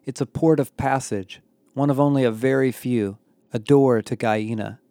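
A man's voice: mid-range voice, moderate pace, dark tone, no echo, lightly acted. A man doing a condescending alien. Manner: sarcastic, impatient. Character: arrogant condescending male alien.

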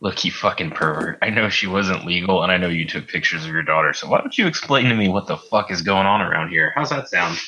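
A man's voice: sits low, quick pace, hardly any pauses, pushed and bright, highs cut off. A man voicing a blunt, profane investigator who poses as a customer in a tabletop game. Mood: confrontational.

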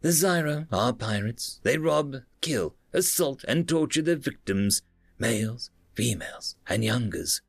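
A man voicing a stern, weary male starship captain who gives clipped, flat commands. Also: mid-range voice, unhurried, gravelly, no room sound, studio quality. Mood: blunt.

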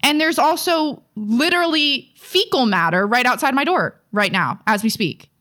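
Young woman podcast cohost, super lively pitch, swears a lot, big dramatic storytelling. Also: moderate pace. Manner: animated, swears freely, exaggerated storytelling. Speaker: podcast co-host. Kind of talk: casual chat.

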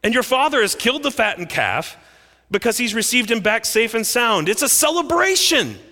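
A preacher doing an excited, eager male servant. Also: moderate pace, exaggerated voice. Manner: eager, high and breathless delivery. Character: excited male household servant bringing news. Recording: echoey hall reverb.

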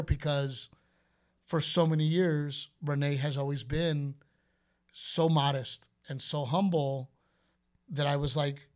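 A man's voice: on the high side, steady tone, a little slow, darkish tone. A man, co-hosting a podcast and telling stories in a loose, chatty way. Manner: storytelling, loose and chatty with fillers. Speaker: podcast co-host. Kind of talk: casual chat.

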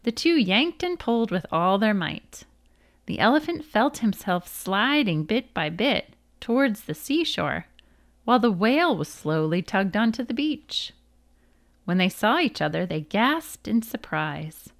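A woman narrating a folk tale as a storybook read-aloud, with a lively, expressive delivery. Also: mid-range voice, measured pace.

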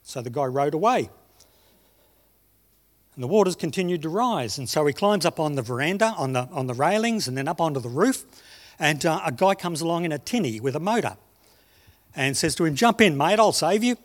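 A man preaching a sermon, telling stories and slowing down on key phrases. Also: on the high side, animated. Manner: storytelling, slows down for emphasis. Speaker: pastor.

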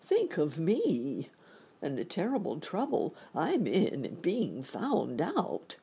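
A frightened little old wizard stammers and pleads in a shaky, lifting voice, as a woman reads him. The voice is husky and slow, swinging widely up and down. He sounds like a storybook fraud caught out. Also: sits low, wildly swooping pitch, mellow, exaggerated voice. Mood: trembling. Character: timid little old male wizard, a humbug.

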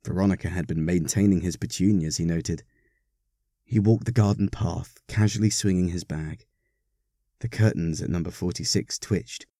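A man reading a story aloud, narrating in an expressive, wry manner. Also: low-pitched, moderate pace, no echo, clean studio sound.

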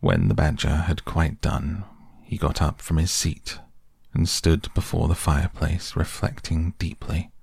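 A man narrating a storybook reading in a measured, expressive way. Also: rumbling low, vocal fry, slightly rough, no echo, studio quality.

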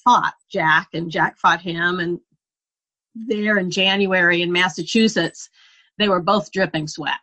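A woman's voice: fairly low pitch, a little slow, bright, forceful tone. A woman guest telling a long personal story in an interview, earnest and reflective, sometimes laughing at herself. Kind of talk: conversational storytelling.

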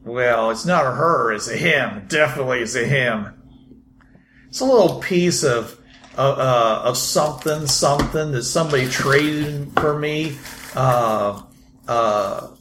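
A man playing a folksy bar owner and tinkerer who dotes on his half-built bike. He talks in halting bursts, tripping over fillers and restarting his words. His voice sits at an average pitch and rings in a roomy, echoing space. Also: fairly bright tone, slight background noise, lightly acted. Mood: musing. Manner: halting, full of ums and trailing restarts.

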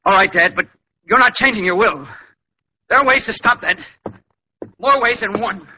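An actor playing a weak young son in debt, pleading and defensive, in 1940s radio acting. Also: male voice, high voice, moderate pace, bright, forceful tone, slight background noise. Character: weak young male heir, whiny gambler son. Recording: dull lo-fi old radio recording.

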